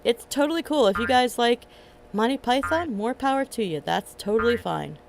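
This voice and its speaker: A woman's voice: fairly high pitch, expressive, moderate pace, gravelly, background noise. A middle-aged woman streaming a game, chatting in a rambling way and laughing often. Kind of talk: casual chat while gaming. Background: game music.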